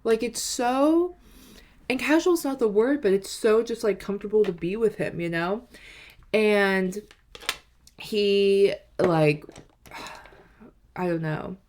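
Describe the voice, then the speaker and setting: A woman's voice: mid-range voice, slow pace, pauses often, a little hiss or hum. A woman in her twenties telling a dating story in a rambling, casual way, with lots of "like" and "you know". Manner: animated, acts out quoted lines. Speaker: vlogger.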